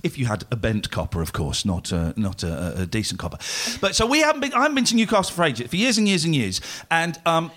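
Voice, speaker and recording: A man hosting a comic podcast, playful and quick to laugh, with stammering restarts. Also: on the high side, wildly swooping pitch, fairly bright tone. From Wales. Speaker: podcast host. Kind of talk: comic casual chat.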